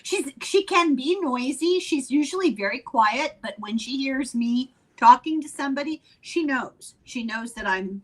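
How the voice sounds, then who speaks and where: An older woman with an Irish accent chats as a guest over a video call. Her voice sits a little high, and her humor is wry and self-deprecating. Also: lively intonation, measured pace, few pauses, rough recording. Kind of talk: casual chat on a live video call.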